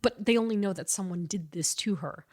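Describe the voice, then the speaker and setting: Co-host: stuffy-nosed woman, lively storyteller, laughs a lot, casual. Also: medium pitch, a little fast. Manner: animated storytelling, laughs often. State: stuffy nasal. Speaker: podcast co-host. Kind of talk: casual chat.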